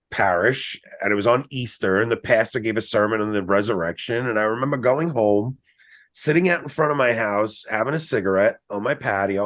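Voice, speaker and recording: A man in his forties telling a personal story in casual podcast conversation, acting out what he once said. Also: lowish voice. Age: 40s. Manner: animated, acts out his own past quotes.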